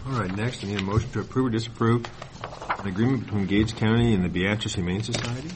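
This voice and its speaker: A man chairing a county board meeting, brisk and procedural with a dry sense of humor. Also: lowish voice, background noise. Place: public meeting room.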